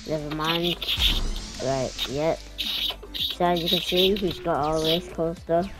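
A woman's voice: low voice, takes it slowly. A woman chatting casually and rambling as she records her gameplay, easily amused. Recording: loud game music behind.

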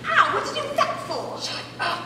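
A woman's voice: very high voice, big pitch swings, fairly quick, heavy background noise. A woman on stage playing a sassy young woman character who mocks and wails melodramatically, heard from far off in an echoey hall. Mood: scornful. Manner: melodramatic wailing, then mocking and blunt. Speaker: stage actor. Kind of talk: amateur stage play performance. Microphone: far room mic.

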